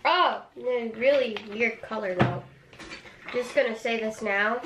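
A woman's voice: a little high, unhurried. A woman chatting casually and teasing her friends while tasting snacks on camera. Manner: playful, teasing. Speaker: co-host. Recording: echoey room with background noise.

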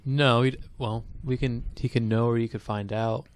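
A man's voice: medium pitch, steady tone, moderate pace, no room sound. A man guesting on an improv comedy podcast. He drops wry, dry one-liners into the banter. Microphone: studio microphone.

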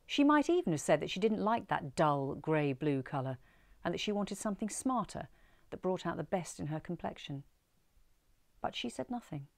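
Woman reading a story, lowish dry voice. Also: dry recording. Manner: expressive, measured reading.

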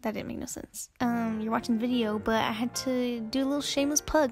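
A woman's voice: a little high, fairly even intonation, soft background music. A young woman vlogger doing a casual merch plug straight to camera, giggly and poking fun at herself. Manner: giggly, self-deprecating, talks fast.

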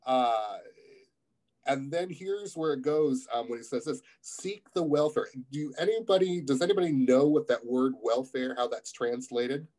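A man's voice: medium pitch, lively intonation, moderate pace, a little mellow, low-quality recording. A man preaching a guest sermon in a church, reading scripture aloud and asking the congregation questions between hesitant, filler-heavy stretches. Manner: many fillers and restarts, asks the congregation questions.

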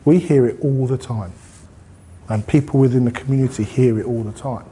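A man's voice: medium pitch, a little fast, dark tone, slight background noise. A man speaking at a group meeting, giving a conversational motivational talk and asking the audience questions. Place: meeting room.

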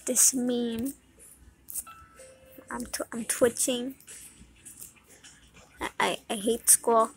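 High-pitched woman vlogging slow and chatty, kinda hushed. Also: steady tone, gravelly. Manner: chatty, hushed at times so a sleeping cat is not woken. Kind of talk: casual chat to camera.

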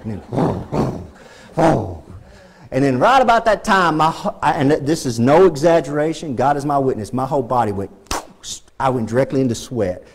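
A man with a Texan accent preaching a sermon in church, emphatic and storytelling, with shouted exclamations. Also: mid-range voice, breathy edge. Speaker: pastor.

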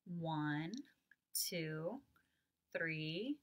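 A woman leading a children's storytime as a librarian. She talks in a sing-song voice, invites the kids to join in, and uses playful animal sounds and hushed asides. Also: fairly low pitch, animated, very slow, pauses often. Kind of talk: family storytime with songs and rhymes.

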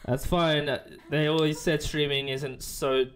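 A man's voice: a little high, little pitch movement, a little slow, a little hiss or hum. A man chatting casually on a live stream, joking and rambling while he eats at his desk mic. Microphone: desk microphone.

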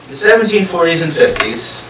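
His voice on the high side, expressive and fairly quick, a man serves as guest lecturer for a public history talk before a live audience. He explains methodically and puts questions to those listening. Room echo, distance from the mic, and faint hiss color the audio.

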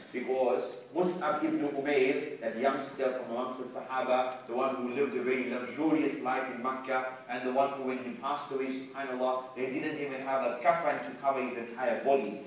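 A man, an Islamic teacher, giving a lively classroom lecture, often questioning his students and calling out key lines. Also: medium pitch, moderate pace, few pauses, a little hiss or hum. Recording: echoey room, distant mic.

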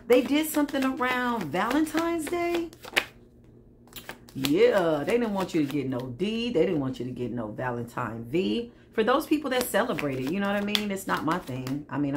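A woman's voice: medium pitch, slight background noise. A woman giving a tarot reading to her viewers, sassy and preachy, with frequent laughs and asides. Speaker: tarot reader. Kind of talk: spiritual tarot reading monologue.

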